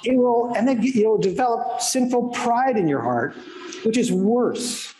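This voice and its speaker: A man's voice: very high voice, lively intonation, measured pace, mellow, slight background noise. A middle-aged man preaching a sermon as a pastor, earnest, asking rhetorical questions and repeating phrases for emphasis. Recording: roomy echo of a hall.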